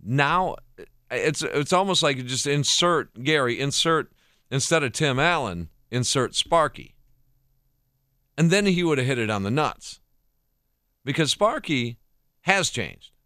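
A man's voice: mid-range voice, expressive, a little slow, pauses often, sharp tone, no echo, clean studio sound. A man hosting a casual podcast chat, talking in a laid-back, rambling way with restarts. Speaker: podcast host.

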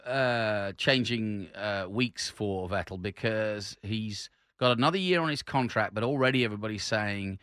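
A man with a bright, clear-edged voice chats casually on a motorsport podcast. He talks haltingly, pausing and restarting often, and likes to explain the rules at length. The sound is close and dry. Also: on the low side, no room sound. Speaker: podcast co-host.

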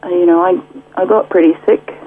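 A woman's voice: on the low side, fairly even intonation, normal speed. A woman casually telling her faith story as a radio guest, chatty, full of fillers, with frequent laughs. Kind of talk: casual testimony. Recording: muffled phone line.

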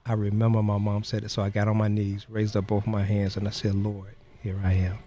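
A man with a low, mellow voice recounts his life as a podcast guest. He speaks earnestly and plainly, dropping into the voices of the people in his story. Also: completely flat delivery, a little fast, faint music behind. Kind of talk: storytelling interview.

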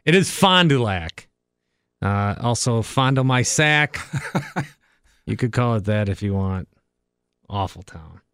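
A man's voice: lowish voice, lively intonation, a bit bright, no room sound, clean studio sound. A man from Wisconsin hosting a casual podcast chat, wisecracking and poking fun at himself. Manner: wisecracking and self-mocking, quick asides. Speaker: podcast host.

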